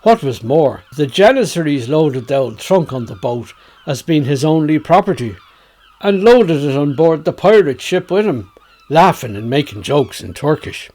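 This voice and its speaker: A man with a Dublin accent reciting a tale in a measured, storytelling manner. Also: a little high, sing-song, darkish tone.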